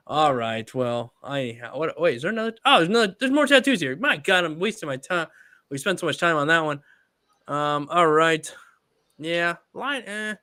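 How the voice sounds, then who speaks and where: A man hosting a live stream, critiquing tattoos in casual chat with sudden excited bursts. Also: normal speed, dry recording, studio quality. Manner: animated, rising to high excited bursts. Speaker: tattoo artist and show host.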